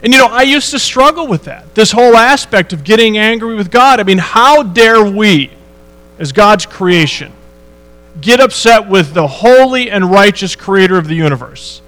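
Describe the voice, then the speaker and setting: High-voiced man preaching a sermon. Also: lively intonation, moderate pace, fairly bright tone, low-quality recording. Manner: conversational preaching with rhetorical questions. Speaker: pastor.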